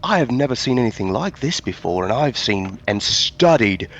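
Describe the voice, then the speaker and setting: A man voicing an excited, fussy human scholar in a tabletop game. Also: a little high, a little fast, husky, lo-fi sound, voice pushed up. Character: eager human male scholar, bookish and nosy.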